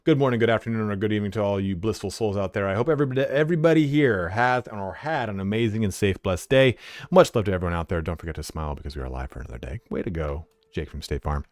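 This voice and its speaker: A man streams a strategy game from home, chatting casually in a laid-back way, swearing freely and breaking off to give his dog commands. His voice is on the low side and he talks fast, recorded at studio quality with no room sound.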